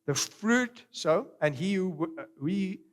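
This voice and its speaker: A middle-aged man preaching a sermon, animated and swinging between loud exclamations and quiet storytelling. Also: sits high, unhurried. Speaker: pastor.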